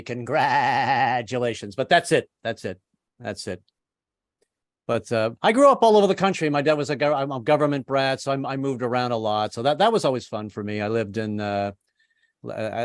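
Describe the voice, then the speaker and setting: A man of seventy performing a stand-up comedy set over a video call, self-deprecating and halting, with many restarts. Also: medium pitch, dry recording, clean studio sound. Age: 70s. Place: home setup on a video call. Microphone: computer mic on a video call.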